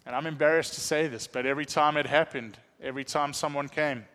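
Brief: male pastor, bright tone, animated storytelling, echoing church hall. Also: on the high side, fast. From South Africa. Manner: animated storytelling, self-deprecating humor. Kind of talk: sermon testimony.

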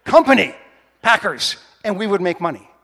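A man preaching a sermon in a lively, playful, conversational way to his congregation. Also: sits high, moderate pace. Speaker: pastor. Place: church sanctuary. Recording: long reverb of a church hall.

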